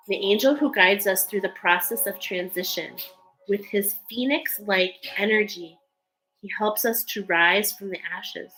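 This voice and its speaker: Woman doing an oracle card reading, bright voice, earnest and emotional, soft music under it. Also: mid-range voice, unhurried, poor audio. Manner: earnest, emotional, reads card texts aloud with many fillers. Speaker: tarot card reader.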